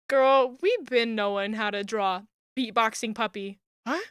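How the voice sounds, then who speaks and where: Young woman streamer chatting away, kinda high bright voice, laughs a lot, lots of ums. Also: unhurried, clean tone, dry recording, clean studio sound. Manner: chatty and excitable, laughs often, many fillers. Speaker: streamer rigging an animated model. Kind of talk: casual live-stream chat.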